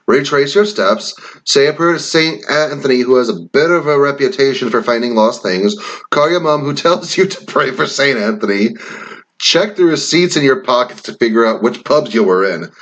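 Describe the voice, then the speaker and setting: Animated and fairly bright in tone, a mid-range male voice moves at a moderate pace as a Wisconsin vlogger works through online quizzes. He reads the questions, riffs casually, and swears from time to time.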